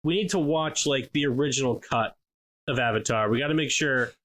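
A man's voice: medium pitch, a little fast, fairly bright tone. A man co-hosting a podcast in casual chat, rambling with lots of fillers and restarts. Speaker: podcast co-host.

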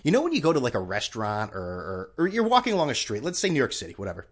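A male podcast host talking on his own in a loose, rambling rant, sarcastic and liberal with swearing. His pitch moves a lot, and his delivery is animated. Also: racing, husky. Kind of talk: casual solo podcast rant.

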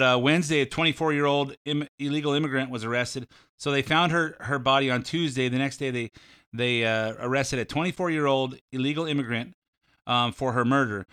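Male talk show host, mid pitch, rambling and opinionated, dry close sound. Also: a bit bright, smooth, no room sound. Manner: rambling, opinionated, many fillers. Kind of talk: opinionated talk radio commentary.

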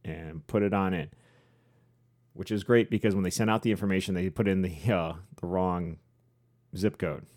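Speaking at a moderate pace with a steady tone, this man co-hosts a podcast in a low, a little mellow voice, pausing often. The chat is casual and rambling, punctuated by frequent laughter.

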